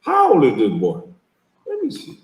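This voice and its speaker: A man's voice: high voice, wildly swooping pitch, moderate pace, recorded from a distance. A man hosting a heated reaction commentary, mocking and confrontational and swearing a lot. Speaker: host reacting to a video clip. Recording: echoey room, speaker off mic.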